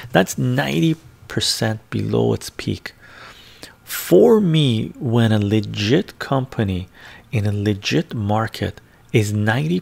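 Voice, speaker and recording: A man's voice: medium pitch, gravelly. A man, the host, talking casually and thinking aloud as he browses stock charts, often muttering to himself. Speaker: finance video host. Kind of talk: casual screen-share commentary. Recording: ASMR-style close mic.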